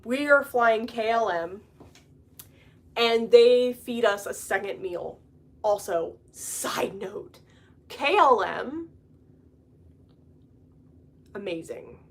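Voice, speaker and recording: A woman's voice: a little high, slow pace, long pauses. Chatty woman telling a travel story. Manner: chatty, animated storytelling, laughs often. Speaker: podcast host. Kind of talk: casual chat.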